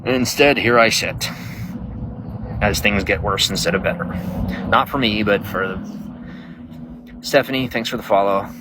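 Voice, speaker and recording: A man with a lowish voice speaks a little slowly, with long pauses, while casually livestreaming outside at night among bugs. He rambles, addresses viewers, and fills his talk with fillers over a noisy background.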